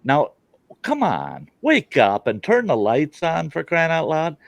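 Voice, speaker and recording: A man's voice: fairly high pitch, huge pitch swings, slow pace, vocal fry, no room sound. A man ranting bluntly in a casual group chat, acting out dialogue as he goes. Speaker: call participant.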